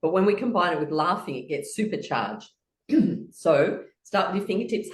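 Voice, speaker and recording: A woman's voice: on the low side, expressive, moderate pace, roomy sound. A woman leading a guided laughter exercise, chanting rhythmic laughing sounds and giggling between her instructions. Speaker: laughter session leader.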